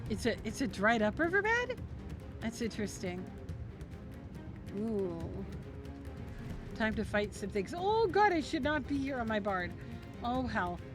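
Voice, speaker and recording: A woman's voice: fairly high pitch, sing-song, measured pace, long pauses, music in the background. A young woman chatting earnestly with her viewers while streaming a game. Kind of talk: casual live-stream chat.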